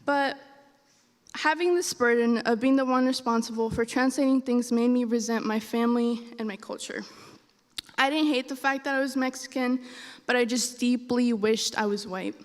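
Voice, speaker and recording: A woman's voice: fairly high pitch, steady tone, normal speed. A young woman and college student, first language Spanish, telling a personal story on stage and animatedly acting out the dialogue. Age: young adult. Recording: reverberant hall.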